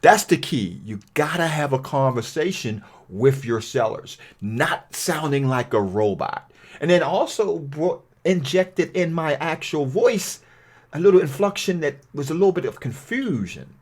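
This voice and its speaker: A man's voice: on the high side, lively intonation, measured pace, slightly rough. A man giving a real estate training video, talking in a conversational way and reading cold-call phone scripts aloud to show tone.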